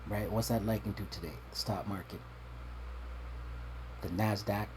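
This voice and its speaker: Low-voiced man preaching, asking "right?". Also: steady tone, normal speed, noisy background. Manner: tags points with a questioning "right?"; restarts and repeats words when searching for them. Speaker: religious teacher. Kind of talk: scripture teaching sermon.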